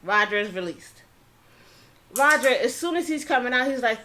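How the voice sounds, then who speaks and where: A woman's voice: fairly high pitch, lively intonation, sharp tone. A woman hosting a casual eating-show story time, chatting through a history story and acting out the people's lines. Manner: chatty, acts out quoted dialogue; pauses to spell out words. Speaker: channel host telling a history story.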